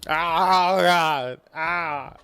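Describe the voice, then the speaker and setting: A VTuber streamer riffs through a gameplay session in an easy, drawn-out delivery. The talk swings into theatrical mock pleading and playful moaning for laughs. Faint background music sits under the voice. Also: medium pitch, pushed and bright, clear, resonant tone, dry recording. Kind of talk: casual gameplay commentary.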